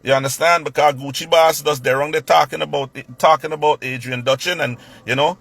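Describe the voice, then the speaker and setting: Brisk and fairly high-pitched with some vocal fry, a man launches into a casual, animated rant while telling a story. He trips over repeated words and imitates what others said.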